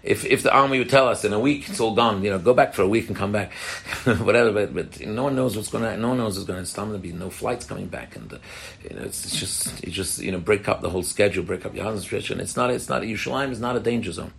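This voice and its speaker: Deep gravelly man giving a Torah talk. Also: animated, fast talker, a bit bright. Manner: earnest, repeats and restarts phrases, explains plainly. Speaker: rabbi giving a talk to women. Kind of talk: Torah talk with audience questions.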